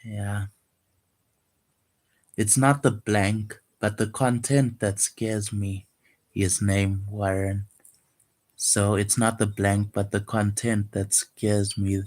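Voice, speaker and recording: A man's voice: fairly low pitch, level tone, slow, pauses often. A man talking casually and hesitantly about his own poem, full of fillers and restarts. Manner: soft-spoken, wistful, guarded. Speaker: poet vlogger. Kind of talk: casual reflective monologue.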